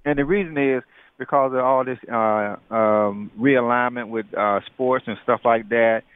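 A man's voice: mid-range voice, a little slow, smooth, dry recording. Man with on phone line. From North Carolina. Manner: hesitant, many fillers, earnest. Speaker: caller.

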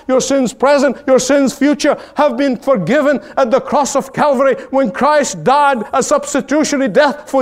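A man preaching a sermon in an emphatic, repetitive cadence, swinging from high exclamations to low, slow, solemn lines. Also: darkish tone.

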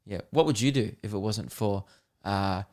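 An Australian man hosting a podcast, chatting casually and telling rambling stories with laughs and quick mimicry. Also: fairly low pitch, a little mellow. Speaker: podcast host and comedian. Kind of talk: casual chat.

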